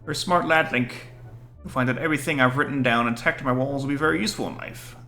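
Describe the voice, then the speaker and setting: A man playing a fussy old man who lectures and preaches, pitched up with a bright, tense sound. Soft music plays in the background. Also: fast. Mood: lecturing.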